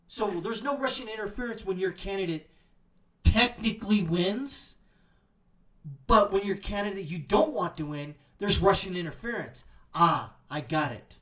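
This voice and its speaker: A man's voice: high voice, lively intonation, moderate pace, fairly bright tone, far from the mic. A man hosting political commentary, ranting in a sarcastic, angry, mocking way as he reacts to posts.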